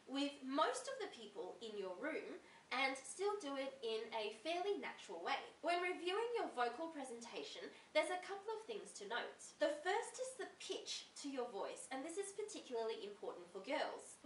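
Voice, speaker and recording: A young Australian woman tutor giving clear, deliberate advice in an instructional video. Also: high-pitched, very animated, fairly bright tone. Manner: clear, deliberate teacherly explanation. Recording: roomy echo from a distant mic with faint hiss.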